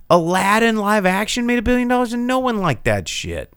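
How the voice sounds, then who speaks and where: Animated, ranting male podcast host. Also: high-pitched, brisk, clear, resonant tone, no room sound, studio quality. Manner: ranting, sarcastic, swears freely. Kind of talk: casual podcast chat.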